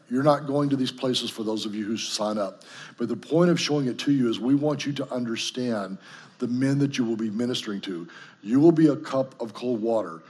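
A man's voice: mid-range voice, a little mellow, husky. A man preaching earnestly to a group, telling personal stories. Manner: storytelling, earnest. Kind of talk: sermon to a group.

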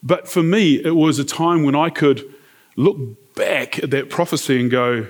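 A middle-aged New man preaching in a voice pitched a little high for a man. He talks earnestly and conversationally, mixing scripture with a personal story and checking in with his listeners as he goes. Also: moderate pace. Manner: conversational, earnest, asks the congregation questions. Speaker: pastor.

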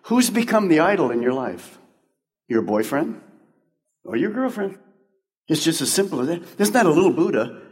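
A man's voice: on the high side, sing-song, normal speed, pauses often, a little mellow. A male pastor preaching to his congregation in an emphatic, conversational style full of rhetorical questions. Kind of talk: sermon. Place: large church sanctuary. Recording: long church-hall reverb.

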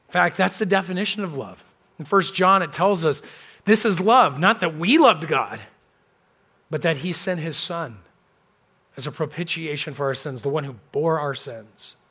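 A man's voice: on the high side, pushed and bright. A man preaching a sermon as pastor, telling a story in a conversational way and acting out the people he quotes. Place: church.

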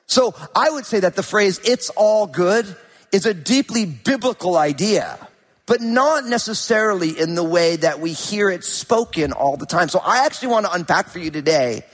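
A man preaching a sermon as a pastor, telling a story in an animated way and acting out the people in it. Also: sits high, moderate pace. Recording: hall reverb.

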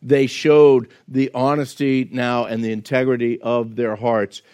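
A man's voice: medium pitch, level tone, measured pace, darkish tone, clean tone. A man preaching a sermon as pastor, in a conversational way, often repeating words and acting out quotes.

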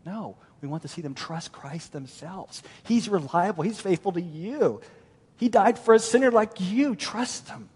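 Middle-aged man, pastor delivering a lively, storytelling sermon, slightly high voice, long hall reverb. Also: a little slow, slightly rough. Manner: animated, storytelling, acts out quoted voices. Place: large church hall.

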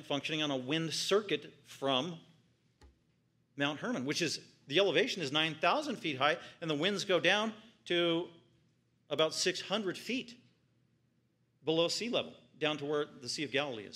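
A male pastor preaching a sermon, emphatic and repeating phrases for stress, swinging between loud peaks and quiet low stretches. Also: moderate pace.

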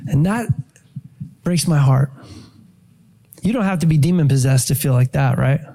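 High-voiced man preaching casually. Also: normal speed, creaky. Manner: casual, animated storytelling with voiced quotes. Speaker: pastor. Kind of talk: sermon.

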